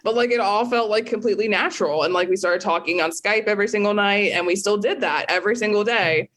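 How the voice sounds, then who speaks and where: A woman guest on a podcast telling a personal story in an animated, casual way, swearing freely and laughing at herself. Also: mid-range voice, fast.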